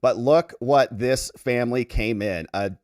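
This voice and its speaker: A man's voice: mid-range voice, unhurried, no echo, clean studio sound. A man hosting a casual commentary show, chatting and joking as he reacts to clips. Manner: animated, chatty, jokey asides. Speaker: lawyer commentator, host.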